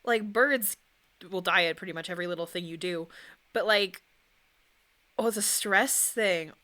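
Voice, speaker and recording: A woman's voice: lowish voice, moderate pace, bright, forceful tone. Young woman streamer, rambling casual chat, answers viewers as she paints.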